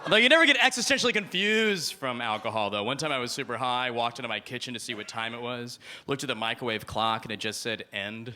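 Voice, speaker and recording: A man's voice: medium pitch, quick pace, hardly any pauses, pushed and bright, slight background noise. A male stand-up comedian delivers a rambling, self-deprecating set on a club stage into a handheld mic, often slipping into voices.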